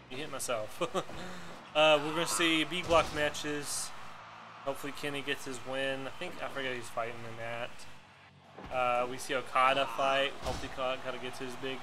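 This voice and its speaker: A man's voice: medium pitch, fairly even intonation, a little slow, over music. A man streaming live, rambling casually and chuckling to himself as he plays. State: winded. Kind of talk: casual live-stream commentary while gaming.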